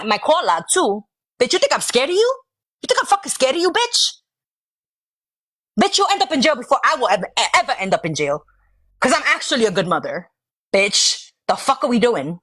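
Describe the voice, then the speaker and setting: A woman's voice: fairly high pitch, fairly bright tone. A woman in a heated live argument, confrontational and taunting with constant swearing. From Georgia, US. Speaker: live stream participant.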